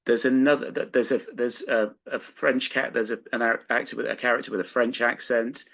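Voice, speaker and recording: Man, British accent, halting casual chat, mid pitch, a bit muffled. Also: flat delivery, gravelly, a bit bright. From United Kingdom. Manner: halting, searching for words. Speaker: podcast co-host. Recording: slightly dull lo-fi audio.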